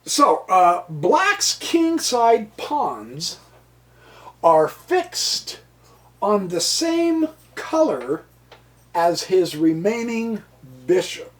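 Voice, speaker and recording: Very slowly, a high-voiced American man with big pitch swings leads an informal chess lesson. Tired, he rambles as a chess teacher would between points, joking and muttering to himself.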